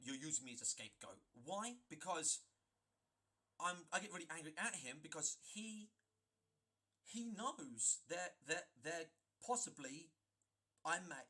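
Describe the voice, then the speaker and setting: A man telling a story in a vlog, emphatic and animated, often restarting his sentences. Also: a little high, unhurried. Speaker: gaming video creator.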